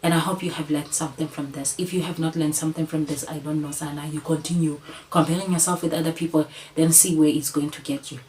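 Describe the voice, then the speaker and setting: A woman talks straight to camera with a low voice, giving motivational advice. She is earnest and coaxing and repeats her points, over a faint background hiss. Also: fairly even intonation, fast, a little mellow, poor audio. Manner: earnest, repetitive, coaxing, addresses listener as "Sana". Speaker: channel host.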